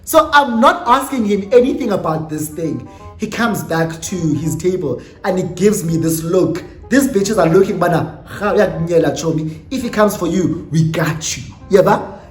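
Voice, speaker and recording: High, lively South African young man. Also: moderate pace. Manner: animated, dramatic, sassy storytelling with swearing. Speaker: vlogger. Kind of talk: storytime vlog. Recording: roomy echo with faint music.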